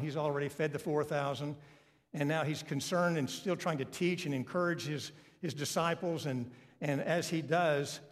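A man's voice: fairly high pitch, big-room sound. A man preaching a sermon as pastor, retelling a story and repeating key phrases for emphasis.

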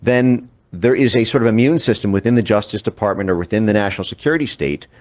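A man speaking as an interview guest, giving measured, analytical political commentary. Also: fairly low pitch, a little mellow.

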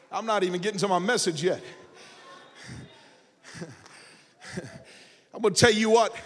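A male pastor preaching a sermon, shouting in a sing-song cadence and stammering repeated words. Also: sits high, slight background noise. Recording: reverberant church hall.

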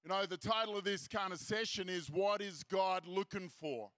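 Upbeat Australian man, high bright voice. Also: normal speed, no echo. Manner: upbeat, jokey and rousing, repeats key lines for effect. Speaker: seminar speaker. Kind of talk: lively Christian seminar talk with crowd call-and-response. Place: festival stage before an audience.

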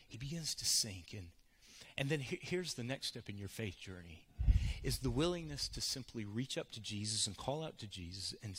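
A male pastor preaching a sermon in a church, shifting from hushed to loud. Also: mid-range voice, slightly rough.

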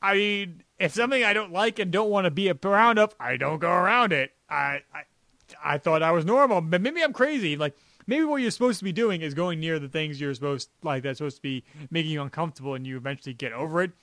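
A man co-hosting a podcast in casual, rambling chat, sarcastic and quick to laugh. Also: fairly high pitch, expressive, a bit bright, no echo. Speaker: podcast co-host.

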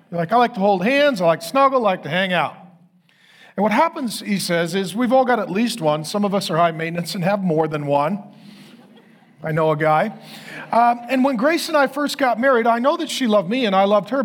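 A man in his fifties preaches a sermon in a strikingly high voice for a man. He tells animated, self-mocking stories about his own marriage. He acts out little exchanges as he goes. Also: moderate pace. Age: 50s. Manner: animated, self-deprecating storytelling with acted quotes. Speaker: pastor.

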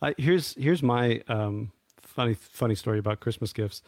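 Man, gravelly voice, hesitant reflective co-host, dry recording. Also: medium pitch, normal speed, darkish tone, no echo. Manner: hesitant, full of fillers and restarts. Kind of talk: casual reflective conversation.

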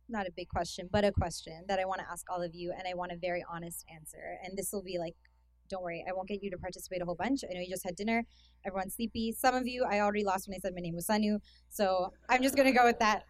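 A young Canadian woman talks quickly to a youth conference audience in a hall, serving as a guest speaker. Her medium-pitched voice carries no echo, and her casual delivery is chatty and self-deprecating, peppered with fillers.

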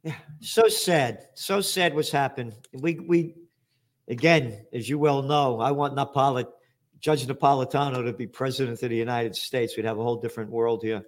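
A man's voice: medium pitch, moderate pace. A male host in heated political chat, impassioned and sarcastic.

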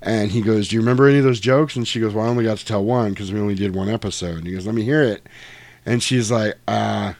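Guy with a lowish voice retelling a movie scene, doing the lines, cussing a lot, dry sound. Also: steady tone, fast, creaky, a little mellow, no echo. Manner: acts out quoted dialogue, swears freely. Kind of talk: casual chat retelling a film scene.

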